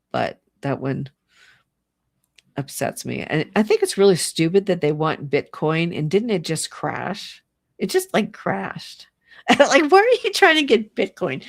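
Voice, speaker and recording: Middle-aged woman ranting on her stream, lowish voice, dry close sound, laughs a lot. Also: creaky, dry recording. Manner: animated and exasperated, laughs often, mocks people in put-on voices. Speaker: livestream host. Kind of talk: casual political rant on a livestream. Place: home, fire going nearby.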